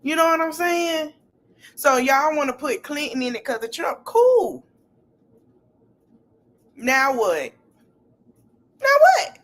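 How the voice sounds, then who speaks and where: A woman hosting a casual podcast stream, talking in an animated, slangy way and repeating her phrases. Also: sits high, moderate pace. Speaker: podcast host.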